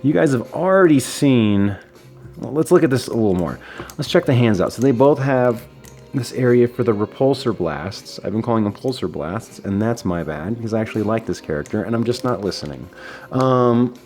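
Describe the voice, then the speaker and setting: A man's voice: mid-range voice, lively intonation, normal speed, a little mellow, soft background music. Chatty enthusiastic man, toy unboxing. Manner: enthusiastic, chatty, many fillers and restarts. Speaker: toy collector reviewing a figure. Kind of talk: casual unboxing talk.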